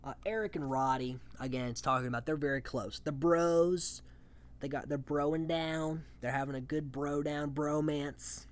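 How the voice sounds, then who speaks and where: A man's voice: a little high, steady tone, normal speed. A man talking casually and offhandedly as a recap host, swearing freely and chuckling often between points. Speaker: reality show recap host.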